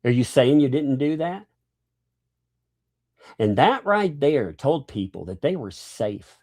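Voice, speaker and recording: Male streamer host, gravelly and lively, combative and mocking, dry close sound. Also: mid-range voice, takes it slowly, no room sound. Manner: combative, mocking, swears, laughs between lines. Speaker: livestream host. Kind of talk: ranting livestream commentary.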